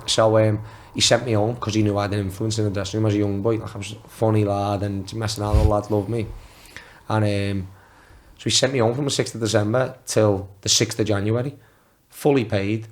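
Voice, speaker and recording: In this podcast guest spot, a former footballer in his twenties tells casual stories full of swearing and restarts, raising his voice when acting out quotes. He sounds fairly quick and flat with a lowish pitch, and a little hiss or hum can be heard.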